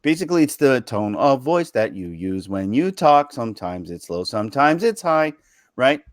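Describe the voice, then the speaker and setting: A man hosts a relaxed podcast chat and explains at length how impressions work. His voice swings between high and low for emphasis, recorded close and dry with no room echo. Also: normal speed.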